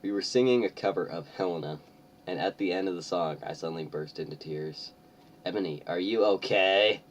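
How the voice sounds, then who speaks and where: A man's voice: deep voice, brisk, darkish tone, distant mic, highs cut off, slight background noise. A young man doing a comedic reading of a story, sarcastic and mocking, often laughing. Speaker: host.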